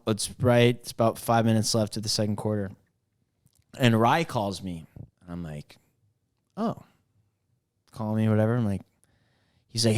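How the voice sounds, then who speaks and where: Smooth-voiced man telling a rambling story. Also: fairly low pitch. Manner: rambling, many fillers and restarts. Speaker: podcast co-host. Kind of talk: casual storytelling.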